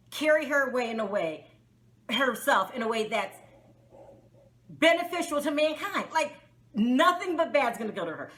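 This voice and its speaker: A woman hosting a casual review vlog, talking in an animated, outspoken and exasperated way and often laughing. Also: sits high. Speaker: reality TV reviewer, vlog host. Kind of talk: casual spoken show review.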